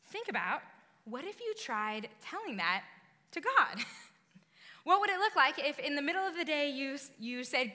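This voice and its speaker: A woman's voice: high-pitched, sing-song, normal speed, bright, forceful tone. A woman preaching a sermon in a conversational way that swells into emphatic bursts. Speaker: pastor. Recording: long reverb of a large hall.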